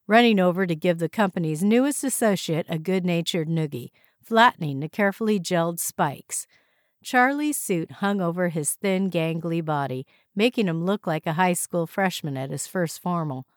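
A woman reading a novel aloud as audiobook narrator in an even, measured way. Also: on the low side, dry recording, studio quality.

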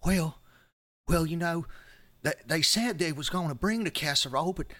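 A man's voice: fairly high pitch, normal speed, a bit bright, voice pushed up, lightly acted. A man voicing a fussy Southern church music minister, with a put-on Southern American accent and a habit of stammering "well". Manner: flustered, repeats "well".

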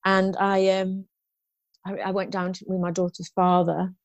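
A woman's voice: mid-range voice, monotone, normal speed, no room sound. A woman in her fifties, a guest in an interview, telling her story frankly and ramblingly, with restarts and rueful laughs.

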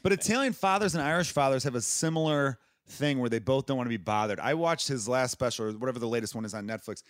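A man hosting a podcast, chatting casually and telling quick stories. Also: medium pitch, no echo, clean studio sound. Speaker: podcast host.

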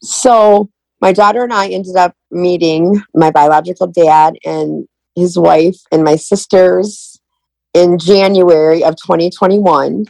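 A woman's voice: lowish voice, steady tone, slow pace, gravelly, darkish tone, no room sound, poor audio. A middle-aged woman telling her family story in an interview, retelling conversations in quoted dialogue. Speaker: guest.

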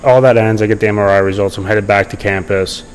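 A man's voice: fairly low pitch, fairly even intonation, fast talker, slight background noise, low-quality recording. Young man rambling through his story. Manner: rambling, many fillers and restarts. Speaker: podcast guest. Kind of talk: casual storytelling interview.

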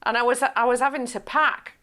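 A woman's voice: a little high, steady tone, a little fast, sharp tone. A woman in her forties, a guest in a podcast interview, talking frankly and chattily and breaking into laughs mid-sentence.

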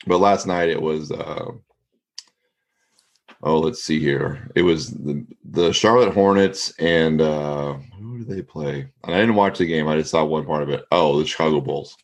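A man co-hosting a sports podcast in casual chat, rambling with lots of fillers and getting animated when he retells a story. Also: rumbling low, unhurried.

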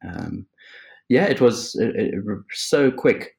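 A man's voice: medium pitch, takes it slowly, gravelly. A man guest, an art director, telling stories in a casual interview, laughing often and swearing freely. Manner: laughing, swearing, animated storyteller. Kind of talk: casual podcast interview chat.

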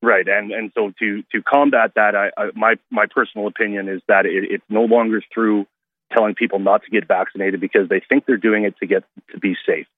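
A male radio caller talking in an earnest, halting way with many restarts, heard over a phone line. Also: on the low side, steady tone, no echo. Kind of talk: call-in radio talk.

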